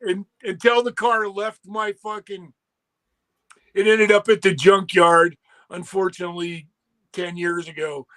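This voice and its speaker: High-voiced man telling a profane story. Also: a little slow, no room sound. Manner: profane, animated storyteller, acts out quotes. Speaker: podcast co-host. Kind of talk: casual storytelling chat.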